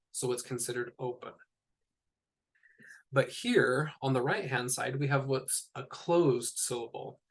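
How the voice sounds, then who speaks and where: A man teaching a recorded lesson in a relaxed, explaining way, with fillers and small asides. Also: mid-range voice.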